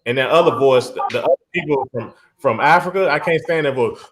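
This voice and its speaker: A man's voice: medium pitch, brisk. A man hosting a casual live stream, talking emphatically, repeating his phrases and often breaking into laughter.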